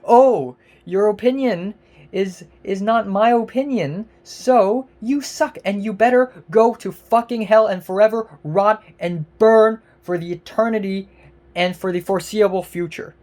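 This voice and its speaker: A woman's voice: medium pitch, unhurried, darkish tone, natural voice. A woman mimicking a spiteful internet commenter, sneering and over the top. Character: spiteful hateful internet commenter, any age.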